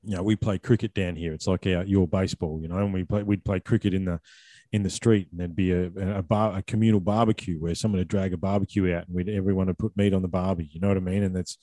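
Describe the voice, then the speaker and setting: Aussie guy in his 40s, really deep mellow voice, rambly, dry close sound. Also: steady tone, quick pace, no echo. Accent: Australian. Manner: rambling, repeats words. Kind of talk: casual conversation.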